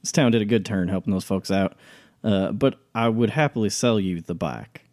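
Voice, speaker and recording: A man's voice: on the low side, moderate pace, darkish tone. A man playing a tabletop game character, easygoing and drawling. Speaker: player.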